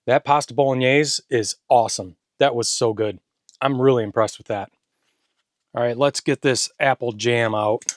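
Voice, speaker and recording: A medium-pitched man speaks at a moderate pace, and the audio has no echo. As a food reviewer, he eagerly samples a ration pack at home in his garage for a casual vlog, sometimes with his mouth full.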